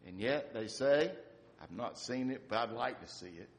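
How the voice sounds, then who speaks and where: A man preaching a sermon in a church sanctuary, telling stories and dropping to a quiet, reflective tone. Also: mid-range voice, normal speed. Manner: storytelling, shifting from lively to hushed and reflective. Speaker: pastor.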